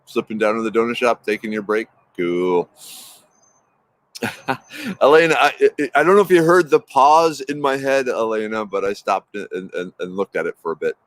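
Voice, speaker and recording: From his backyard on a casual morning livestream, a man with a lowish, slightly bright voice speaks at a moderate pace. He welcomes viewers by name, upbeat and rambling, with traffic noise behind him.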